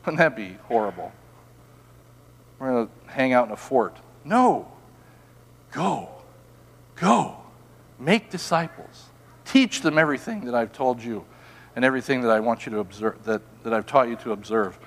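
A man preaching a sermon as pastor in a church, animated, with rhetorical questions and soft, emphatic repeated words. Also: medium pitch, normal speed, big-room sound. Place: church sanctuary.

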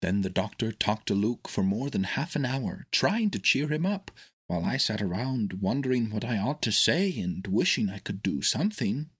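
A man narrating a children's storybook in a steady, expressive reading. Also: on the low side, normal speed, breathy edge.

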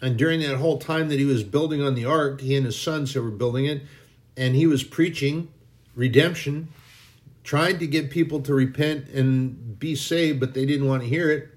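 A man's voice: mid-range voice, moderate pace. A man preaching an informal sermon in a folksy, emphatic way, now and then mocking people in a put-on voice.

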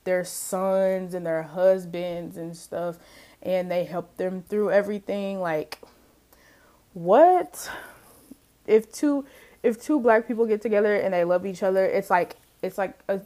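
A woman's voice: mid-range voice, darkish tone. A young adult woman hosting her own podcast, talking in a loose, chatty way with many restarts. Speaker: podcast host. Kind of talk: casual solo podcast chat.

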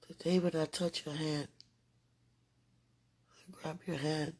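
Slow, husky woman speaking devotionally. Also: deep voice. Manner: slow, earnest, emotional. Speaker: podcaster. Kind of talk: heartfelt devotional monologue.

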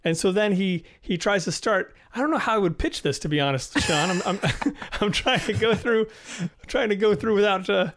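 Male co-host, somewhat high voice, bashful, hesitant, laughs a lot. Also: animated, fairly bright tone. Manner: self-deprecating, laughs often, halting. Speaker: podcast co-host. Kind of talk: casual chat about films.

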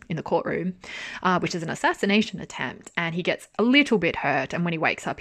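A young woman chatting casually about a drama. She is animated, laughs often and swears. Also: on the low side, no echo. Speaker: drama reviewer. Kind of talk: casual chat.

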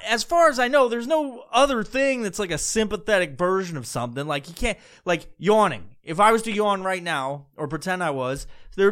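A man's voice: sits high, pushed and bright, clean tone. A young man hosting a podcast, ranting comedically with heavy profanity and exasperation. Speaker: podcast host. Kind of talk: comedic rant.

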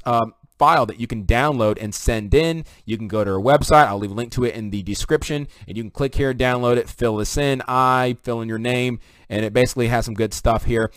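Brief: male vlog commentator, rapid-fire chatty delivery, dry close sound. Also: medium pitch, dry recording. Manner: rapid, conversational, addresses viewers directly. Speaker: online commentator.

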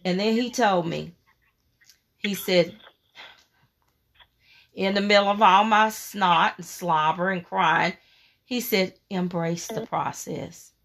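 A woman preaching a sermon, fervent and emphatic, repeating key phrases and reading scripture in a slow, measured cadence. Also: mid-range voice, fairly bright tone.

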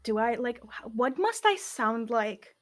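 A young woman co-hosting a podcast, talking in an animated, blunt way and swearing when annoyed. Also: on the high side, unhurried. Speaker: podcast co-host. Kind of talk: casual chat.

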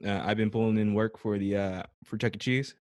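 A man hosting a casual podcast chat, joking and profane with a deadpan edge. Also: fairly low pitch, brisk, no room sound, studio quality. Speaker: podcast host.

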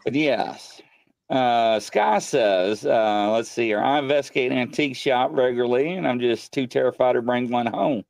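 A man hosting a live paranormal show from his home studio, telling ghost stories excitedly and acting out what people said. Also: medium pitch, normal speed, vocal fry, no room sound. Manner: excitable storyteller, acts out quotes. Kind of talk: casual live-stream chat. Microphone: desk mic.

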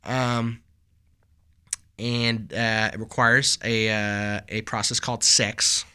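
A young man co-hosts a casual podcast, spinning rambling stories full of "like" while calling his friend "bro." He talks slowly in a voice on the low side with little pitch movement, and his tone is sharp and clean.

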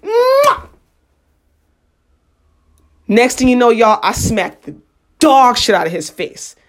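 A young woman telling a personal story in a casual, slangy monologue, animated and acting out what people said. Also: fairly high pitch. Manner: animated, slangy, acts out quotes.

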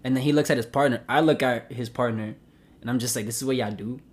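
A young man, hosting a podcast and telling a story in a profane, animated way with acted-out quotes. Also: mid-range voice, fast, slight background noise. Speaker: podcast host. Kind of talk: casual storytelling.

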